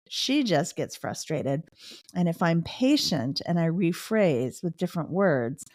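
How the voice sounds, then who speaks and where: Middle-aged woman host, lowish voice, earnest personal storytelling, dry close sound. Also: darkish tone, dry recording. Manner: earnest storytelling, with the odd laugh. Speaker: podcast host. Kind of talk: personal advice talk.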